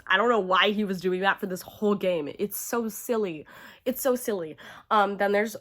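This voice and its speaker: A woman's voice: medium pitch, moderate pace, fairly bright tone. A young woman giving casual, profane ranking commentary to camera, chatty and full of fillers, gushing about favorites. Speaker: horror video creator.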